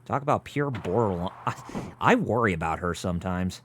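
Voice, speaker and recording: A man's voice: fairly low pitch, expressive, normal speed. A man co-hosting a game stream, explaining the story casually as he plays. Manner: explains the story plainly, many fillers. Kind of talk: casual chat while playing a game.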